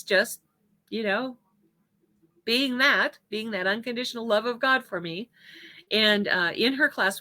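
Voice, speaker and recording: A woman's voice: medium pitch, pushed and bright. A woman giving a spiritual talk, telling a personal story in a conversational, personal way.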